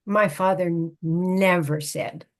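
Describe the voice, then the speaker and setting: An older woman, a psychotherapist and author, telling a personal family story in a measured, reflective way. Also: fairly low pitch, fairly even intonation.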